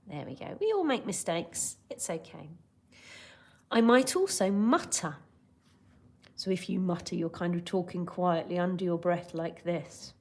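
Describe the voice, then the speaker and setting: A woman teaching a recorded lesson for young children, encouraging and patient, who acts out voices to show each word. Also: fairly low pitch. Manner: expressive, acts out shouting, whispering and gasping to show words. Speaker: primary school teacher.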